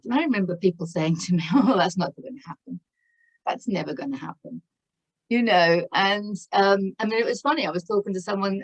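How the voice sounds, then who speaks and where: A woman's voice: fairly low pitch, a little mellow, poor audio. Effusive woman giving a tarot reading. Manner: effusive, laughs often, exclaims in wonder. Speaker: tarot reader. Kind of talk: spiritual tarot reading vlog.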